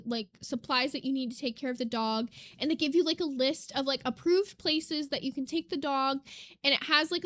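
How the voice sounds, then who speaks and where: Casting note: young woman streamer, high bright voice, excitable and casual, drops the odd swear word. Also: dry recording. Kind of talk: casual live-stream chat. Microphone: desk mic.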